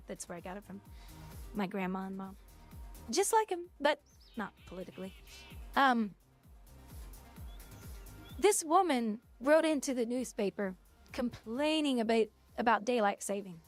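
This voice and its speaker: A young woman streamer chatting casually on a livestream, blunt and opinionated, rambling from one thought to the next. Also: a little high.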